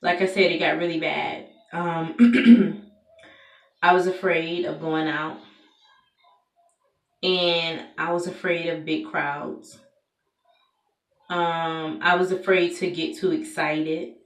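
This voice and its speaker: A woman's voice: sits low, fairly even intonation, slow pace, pauses often, far from the mic. A young adult woman telling a personal story in a candid, conversational vlog, with plenty of fillers and restarts. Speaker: vlogger. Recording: echoey room, voice from away from the mic.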